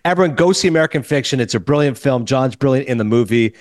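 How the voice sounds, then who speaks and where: A man's voice: medium pitch, lively intonation, a little mellow, no echo, clean studio sound. A man hosting a film podcast, chatting casually and telling stories. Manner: quick, chatty storyteller. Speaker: podcast host. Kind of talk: casual movie chat.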